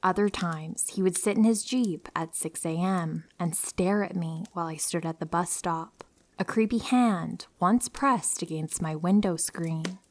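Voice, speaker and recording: A woman with a slightly low voice reads listener horror stories aloud. Her delivery is calm and soft-spoken. She slips into near-whispers to build dread. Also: measured pace. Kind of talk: scripted narration of horror stories.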